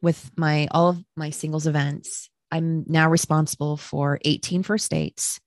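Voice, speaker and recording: At a measured pace, a Midwestern woman guesting on a casual podcast describes her life as a matchmaker, animatedly voicing quotes at a higher pitch. The studio-quality recording has no room sound.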